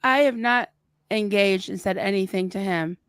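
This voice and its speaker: Measured woman guest, dry sound, middle pitch, firm delivery. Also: fairly bright tone, clean tone, no room sound. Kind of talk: live-stream chat.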